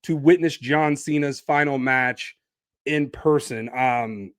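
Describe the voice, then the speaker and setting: A man hosting his own podcast, talking casually while standing and moving around, with an energetic, promo-style delivery. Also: medium pitch, slow pace, no room sound, studio quality. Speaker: podcast host.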